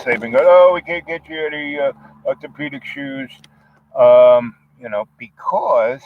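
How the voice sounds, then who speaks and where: A man's voice: medium pitch, lo-fi sound, a little hiss or hum. Rambling older man telling stories. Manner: rambling, full of fillers and asides. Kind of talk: casual rambling storytelling.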